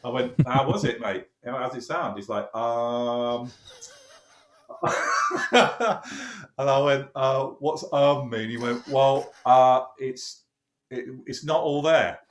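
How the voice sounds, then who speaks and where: A man's voice: mid-range voice, slow, long pauses. Man telling a roomy, echoey story. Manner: lively storyteller, acts out quoted dialogue, laughs often. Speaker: producer recalling a recording session. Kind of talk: casual anecdote.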